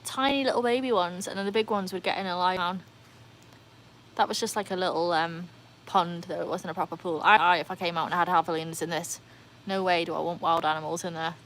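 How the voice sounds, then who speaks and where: A woman hosting a casual livestream by her pool, chatting excitedly and answering viewer comments. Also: on the low side, fairly quick, slight background noise. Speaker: livestream host. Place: outdoors by a backyard pool. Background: faint outdoor ambience, dogs.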